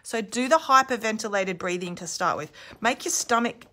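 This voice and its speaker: A woman's voice: fairly high pitch, lively intonation, moderate pace, bright, forceful tone. A woman in her thirties giving a candid, chatty how-to talk as an emotional release coach, recorded on a handheld phone. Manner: chatty, candid, demonstrates screams and sounds aloud. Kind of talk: casual instructional talk. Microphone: phone held in hand.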